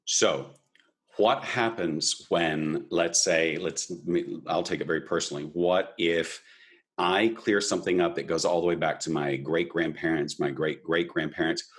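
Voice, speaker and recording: A man hosting an interview, asking gentle, probing questions that often stall and restart. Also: low-pitched, steady tone, measured pace. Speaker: host. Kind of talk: conversational interview.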